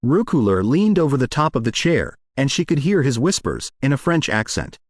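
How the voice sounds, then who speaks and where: A man narrating a story in an expressive reading voice. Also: mid-range voice, normal speed, dry recording, studio quality. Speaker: audiobook reader.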